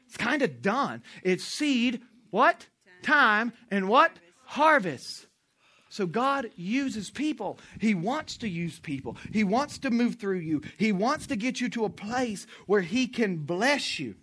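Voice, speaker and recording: A man's voice: high voice, very animated, a little slow, few pauses, breathy edge. A man preaching a sermon in a conversational, storytelling way, drawing call-and-response from the congregation. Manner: conversational, storytelling, with asides to the audience. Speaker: pastor.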